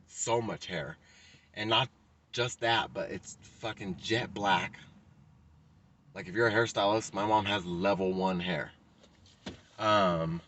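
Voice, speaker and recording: A young man tells a casual story in a fairly low voice. He talks loosely and swears often, with lots of fillers, as a hairstylist vlogging about his training. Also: fairly bright tone, slight background noise. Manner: casual and profane, with many likes.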